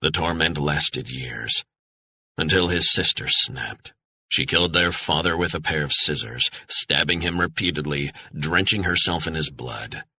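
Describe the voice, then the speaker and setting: Low husky male thriller narrator. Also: bright, forceful tone, no room sound. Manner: grim, measured. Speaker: audiobook narrator.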